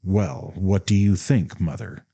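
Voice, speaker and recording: A proud, bitter young man with a cold, clipped edge, cutting in sharply and pressing his point, as a man reads him. The voice sits low and mellow. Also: a little slow, husky, lo-fi sound, full character voice.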